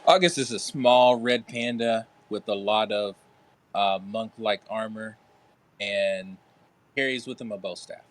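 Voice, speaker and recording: A man's voice: on the low side, measured pace. A man playing a tabletop game, describing his character in a laid-back, hesitant way. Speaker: player.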